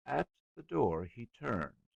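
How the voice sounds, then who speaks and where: A man reading a children's story aloud with measured, expressive scripted narration. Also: mid-range voice, gravelly, no echo, highs cut off. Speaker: audiobook narrator.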